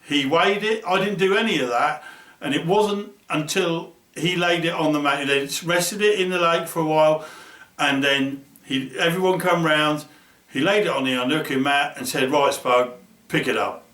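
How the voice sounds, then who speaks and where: A man's voice: fairly high pitch, moderate pace, fairly bright tone. Man, middle-aged, from Norfolk, storytelling angler, echoey room, voice from a distance. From Norfolk, England. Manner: acts out the voices of friends, laughing often. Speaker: angler telling a fishing story. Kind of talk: animated storytelling.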